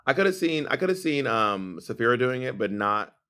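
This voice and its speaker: A man's voice: mid-range voice, brisk, smooth. A man co-hosting a casual chat, talking with opinion and quoting others in voices. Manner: opinionated, animated storytelling with quoted voices. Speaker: podcast co-host.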